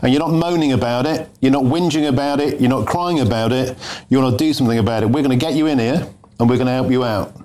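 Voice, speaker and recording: Brief: British male TV news host, quick, emphatic, friendly with guests. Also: medium pitch, a little mellow. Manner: emphatic, repeats words, matey. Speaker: news channel presenter. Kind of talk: live studio interview.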